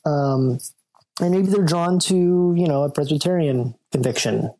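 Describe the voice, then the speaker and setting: A man's voice: on the high side, a little slow, warm tone. A man talking loosely and at length as a podcast guest, full of "like" and "um", with jokey self-mocking asides. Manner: rambling, loose, lots of "like" and "um". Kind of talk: casual chat.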